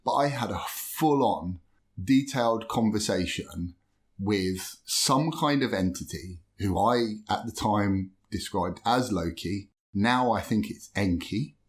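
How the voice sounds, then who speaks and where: Man, podcast guest, casual storytelling, lowish pitch, animated, swearing. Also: takes it slowly. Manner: animated, swearing, acts out quoted voices.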